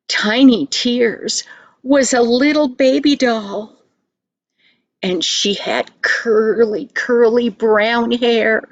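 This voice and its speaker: Older woman storyteller for children; gentle, sing-song, very slow, slightly high, dry recording. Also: dry recording, dull audio.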